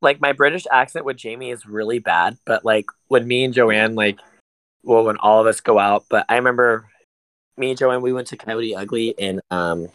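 A man's voice: medium pitch, normal speed, a bit bright, clean tone, dry recording, rough recording. A man co-hosting a casual podcast, telling loose rambling stories and laughing often. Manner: rambling storyteller, laughs a lot. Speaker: podcast co-host.

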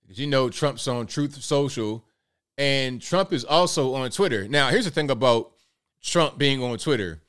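A man's voice: medium pitch, lively intonation, measured pace, fairly bright tone, clean tone. A man hosting a live political commentary show, talking to his audience in a casual, direct, folksy way and repeating points for emphasis.

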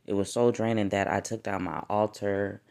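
A woman hosting her own podcast, telling a personal story in a loose, animated way, swearing freely and laughing often, her pitch and volume swinging widely. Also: moderate pace, vocal fry, clean tone. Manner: wide swings in pitch and loudness. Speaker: podcast host. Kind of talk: casual spiritual podcast monologue.

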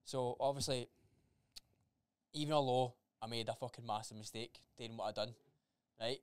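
A man's voice: mid-range voice, steady tone, moderate pace, clear, resonant tone, no echo. A man co-hosting a podcast, talking in a blunt, sweary, matter-of-fact way. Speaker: podcast co-host. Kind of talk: casual podcast chat.

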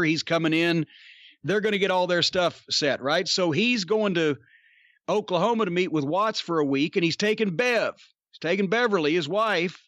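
A man's voice: high voice, a bit bright, no echo. A man hosting a podcast, telling a rambling, profane anecdote and laughing at it. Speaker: podcast host, storyteller.

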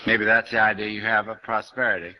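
A man's voice: on the low side, little pitch movement, fairly quick, lo-fi sound, a little hiss or hum. A man giving a New Thought spiritual lecture in a conversational, folksy way, quoting scripture as he goes. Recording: archival lecture recording.

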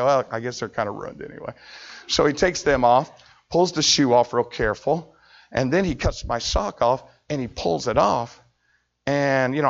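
A middle-aged American man preaching, telling a personal story with animated, acted-out voices and frequent laughter. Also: medium pitch. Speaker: pastor. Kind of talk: storytelling sermon. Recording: dull lo-fi recording.

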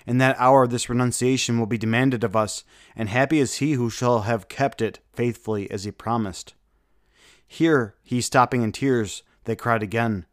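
A man giving a solemn, measured devotional reading of saints' lives, with a few small slips. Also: mid-range voice, dry recording, clean studio sound.

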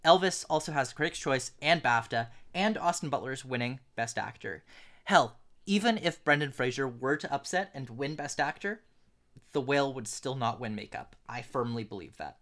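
A man's voice: medium pitch, animated, moderate pace, fairly bright tone. A man co-hosting a film awards podcast in casual chat, emphatic and repeating his points for stress. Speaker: podcast co-host.

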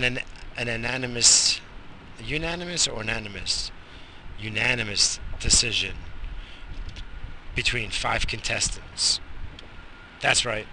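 A man's voice: lowish voice, bright, forceful tone, a little hiss or hum. A tired man in his forties, hosting a podcast, rambling bluntly and profanely with a joking streak. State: exhausted. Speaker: podcast host. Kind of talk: crude rambling monologue.

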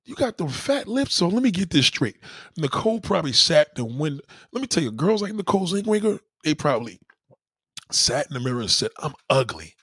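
A man talking casually as a host, his voice slightly husky and set in a dry, close recording. He rants in a loose, profane way, and his pitch leaps around as he acts out the people in his stories. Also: fairly quick, no room sound. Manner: animated, profane storytelling with mock-quoted voices. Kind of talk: casual chat.

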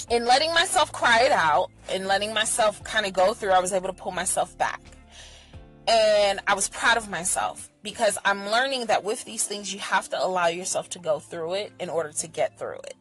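A woman talking candidly in a personal vlog, bluntly profane, swinging between heated rants and soft, soothing reassurance. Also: medium pitch, low-quality recording. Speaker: vlogger sharing personal experience.

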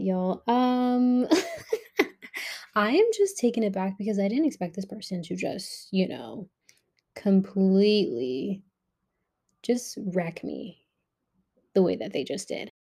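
A woman's voice: mid-range voice, animated, slow, long pauses, warm tone. A young woman hosting her own podcast, rambling candidly in an agitated, heated way about her week. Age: young adult. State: agitated and shaken. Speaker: podcast host. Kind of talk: casual rambling monologue.

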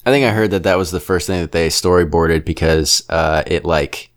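A man co-hosting a podcast, chatting casually and rambling about a film with strong opinions. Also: deep voice. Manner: rambling, opinionated, keeps slipping into quick character impressions. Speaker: podcast co-host reviewing a film. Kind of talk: casual chat.

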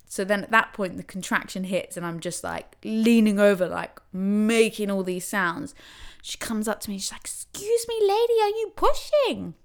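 A young woman casually telling a personal story, animated and acting out what people said. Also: moderate pace, clean tone. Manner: animated, acts out quotes with big pitch swings. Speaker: new mother telling her birth story.

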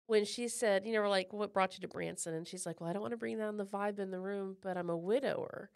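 A woman co-hosting a podcast in casual chat, animated and self-deprecating, laughing often. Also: mid-range voice, quick pace, vocal fry. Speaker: podcast co-host.

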